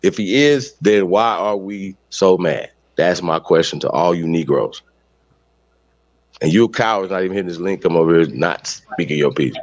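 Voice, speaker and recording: A man's voice: deep voice, normal speed, no room sound. A man hosting a podcast, delivering heated, profane, confrontational commentary. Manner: ranting, blunt, confrontational. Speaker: podcast host. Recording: dull lo-fi sound, dry.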